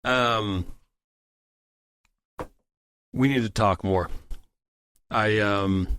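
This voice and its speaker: A man's voice: fairly low pitch, extremely slow, fairly bright tone, clean tone. A man hosting a podcast, chatting in a laid-back, joking way. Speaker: podcast host. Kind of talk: casual podcast talk.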